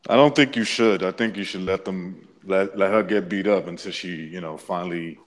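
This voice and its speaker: A man's voice: deep voice, brisk. A man in a casual podcast chat, talking bluntly and crudely.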